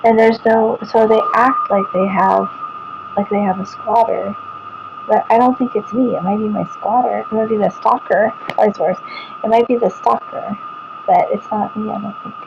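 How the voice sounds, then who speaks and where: A middle-aged Texan woman vlogs to her viewers while showing her computer screen, talking calmly and evenly in a rambling way that often trails off and restarts. Her mid-range voice has a gravelly edge and a moderate pace. The home recording is dull, muffled and lo-fi, with a steady hiss of background noise.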